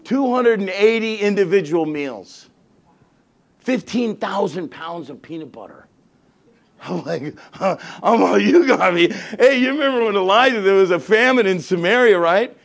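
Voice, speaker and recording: A man's voice: sits high, animated, normal speed, creaky. A middle-aged male pastor telling a story in a sermon, acting out both sides of the conversations and laughing often.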